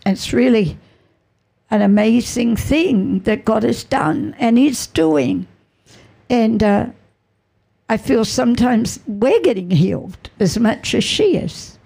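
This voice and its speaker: A middle-aged woman giving an earnest, emotional personal testimony as a mother, halting and repeating her phrases. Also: a little high, expressive, creaky, mellow, breathy edge.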